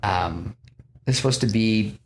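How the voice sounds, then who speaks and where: Guy with a lowish voice rambling through a movie recap on a podcast, lots of restarts, bit of hiss. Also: unhurried. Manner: rambling retelling with restarts and quoted lines. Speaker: podcast host pitching a film. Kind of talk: casual podcast chat.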